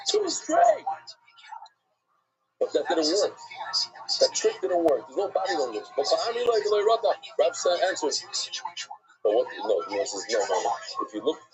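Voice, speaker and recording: A man teaching a Talmud class, animated and digressive, often restarting and acting out the rabbis he quotes. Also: a little high, normal speed, long pauses. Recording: dull lo-fi recording.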